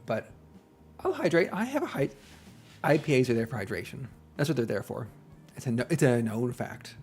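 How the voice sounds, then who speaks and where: On a live stream, a man chats at normal speed in a sing-song, medium-pitched, slightly mellow voice. His rambling talk is self-deprecating and full of joking asides, with faint background music playing.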